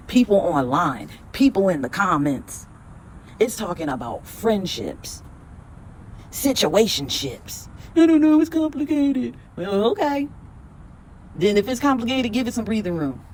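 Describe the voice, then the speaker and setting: Woman, podcast host, tarot reading, lower voice, emphatic, cussing, slow repeated affirmations. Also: a little mellow, slight background noise. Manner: blunt, emphatic, swears a lot; repeats lines slowly for affirmations. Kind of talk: spiritual pep talk.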